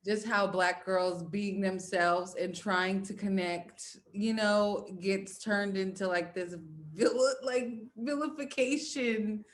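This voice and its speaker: Slow-talking woman interviewer. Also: mid-range voice, steady tone. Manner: reacts with short affirmations. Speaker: interview host. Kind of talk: casual interview.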